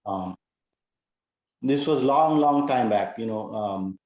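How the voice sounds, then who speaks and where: Middle-aged man, mellow voice, halting and earnest, roomy echo. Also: lowish voice. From India. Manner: halting, full of fillers, earnest. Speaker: class participant. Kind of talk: sharing a personal story.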